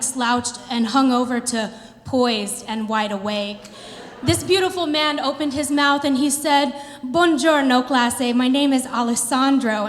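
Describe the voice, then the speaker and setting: A woman in her thirties performing a stand-up comedy routine, telling an animated story with playful put-on quotes. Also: on the high side. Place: theater stage before a live audience. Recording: reverberant hall with faint ambience.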